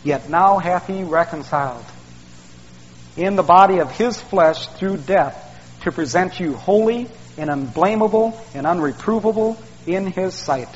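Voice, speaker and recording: A man's voice: sits high, lively intonation, measured pace, a little hiss or hum. A male preacher, delivering a folksy sermon that he peppers with "man" and "see". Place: church sanctuary. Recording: dull sound, long hall reverb.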